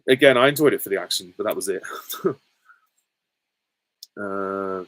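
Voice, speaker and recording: A man's voice: deep voice, normal speed, fairly bright tone, low-quality recording. A man from England hosting a casual Q and A, answering viewer questions in a hesitant, rambling way full of ums and small laughs. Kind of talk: casual Q and A chat.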